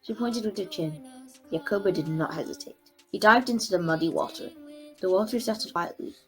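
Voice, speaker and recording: A woman reading a book chapter aloud in a measured, expressive way. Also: medium pitch, faint music behind. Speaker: storybook reader.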